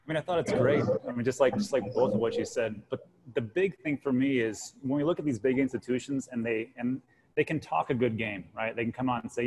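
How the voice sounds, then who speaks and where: A man in his forties chatting casually on a panel show as a guest co-host, telling stories in a lively way and acting out what others said. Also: medium pitch, a little fast, a little hiss or hum, poor audio. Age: 40s. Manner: animated storyteller, acts out quotes. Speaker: guest co-host, crypto channel host.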